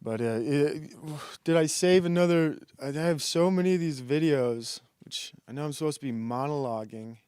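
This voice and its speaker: A man's voice: on the high side, normal speed, a little mellow, smooth, dry recording, studio quality. A man hosting a stream, delivering a rambling, mocking comedic monologue as he reacts to videos and laughs at his own jokes. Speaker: streamer host.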